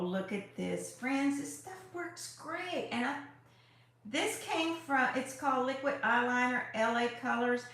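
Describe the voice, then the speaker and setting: With a high-pitched, sharp-toned voice, this craft livestream host chats effusively and greets viewers by name during her live tutorial. The recording has a very echoey room sound.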